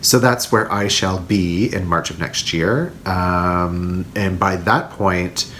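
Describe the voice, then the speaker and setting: A man's voice: low voice, fairly even intonation, slow, fairly bright tone, slight background noise. A man hosting a knitting video podcast, chatting casually to camera and rambling with frequent fillers.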